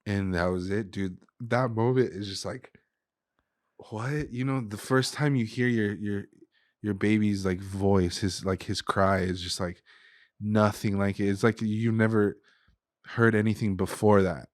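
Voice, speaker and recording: A man's voice: fairly low pitch, steady tone, a little slow, dry recording, studio quality. A young man, a chef and restaurant guest, telling an emotional personal story in a casual way, full of "dude" and "like". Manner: casual, says "dude" and "like" often.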